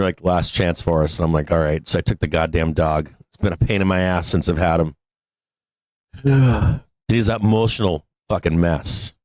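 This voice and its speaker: A man with a lowish voice hosts a live stock market stream in a loose, rambling way. He swears freely and laughs as he talks. The sound is dry and close, with no room behind it. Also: no echo. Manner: rambling, profane, laughs often. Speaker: host of a live stock trading show. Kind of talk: casual live-stream talk.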